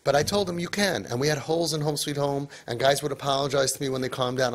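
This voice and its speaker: A man lecturing parents, emphatic, tossing in asides and Yiddish and Hebrew words, his pitch and loudness swinging for emphasis. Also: quick pace. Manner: emphatic, with many asides of "right?" and "okay?". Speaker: parenting speaker.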